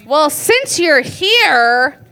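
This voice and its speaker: A woman's voice: high-pitched, big pitch swings, extremely slow, sharp tone. A woman hosting a live comedy show, sarcastic and teasing. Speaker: show host.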